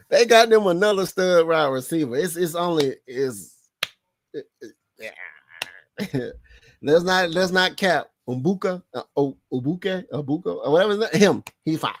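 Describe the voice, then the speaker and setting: A man hosting a casual sports podcast, excitable and slangy, laughing often as he talks. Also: fairly high pitch, unhurried, long pauses, no echo, studio quality. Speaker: podcast host.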